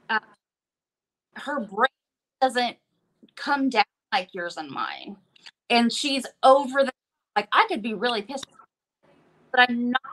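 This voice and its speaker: Bright-voiced mother hosting a chat. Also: a little high, poor audio. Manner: rambling, many restarts. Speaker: host, mother. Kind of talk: casual live-stream chat.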